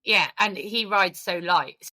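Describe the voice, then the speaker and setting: A woman's voice: medium pitch, slow, sharp tone. A woman co-hosting a podcast, chatting and gossiping with plenty of laughs. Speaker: podcast co-host. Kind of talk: casual chat.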